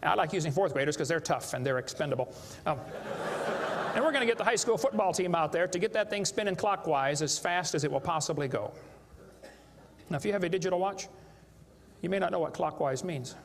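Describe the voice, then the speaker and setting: A man with a high voice gives a joking, emphatic lecture to a live crowd. His stage-mic voice rings with a long hall echo. Faint noise hums underneath. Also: expressive, a little fast, gravelly. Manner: joking, emphatic storyteller who plays to the crowd. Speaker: creationist speaker. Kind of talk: live seminar lecture to an audience. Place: large hall with a live audience.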